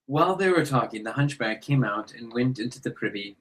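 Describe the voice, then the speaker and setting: Brief: man reading a classic tale aloud, mid-pitched, dry and wry. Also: lively intonation, fairly quick, a bit bright, rough recording. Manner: dry, joking asides. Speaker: storyteller.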